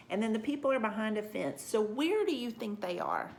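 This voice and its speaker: A middle-aged woman teaching an online reading lesson to young children, sounding out letters slowly and breaking into high excited bursts. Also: creaky, slight background noise. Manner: slow, exaggerated sounding out of letters and words.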